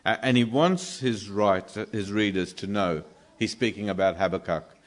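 A man's voice: lowish voice, moderate pace. A man preaching a sermon in an earnest, storytelling manner, with some "uh" fillers between phrases. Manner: earnest storytelling preacher who briefly acts out the quoted speakers.

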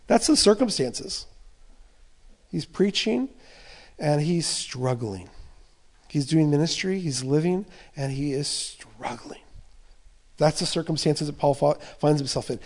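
A man preaching with passion, his voice sitting a little high for a man. He voices an apostle's fears and prayers in the first person, rising to urgent, loud cries and dropping to hushed, near-whispered words. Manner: impassioned, voicing Paul's inner thoughts, swings from loud to soft. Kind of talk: sermon.

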